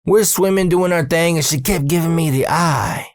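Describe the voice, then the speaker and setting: A man telling a story from his youth in a casual, profane, animated way, full of slang. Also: a little high, moderate pace, no room sound, clean studio sound.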